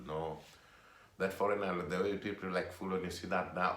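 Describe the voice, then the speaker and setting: Deep-voiced man ranting in an echoey room. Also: fairly quick. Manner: animated, repetitive, emphatic. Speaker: vlogger. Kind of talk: casual opinion monologue.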